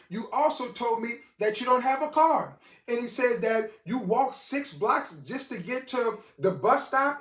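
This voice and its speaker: High-voiced man preaching in an echoey room. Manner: animated storyteller quoting others in dialogue. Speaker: preacher, show host. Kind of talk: storytelling sermon.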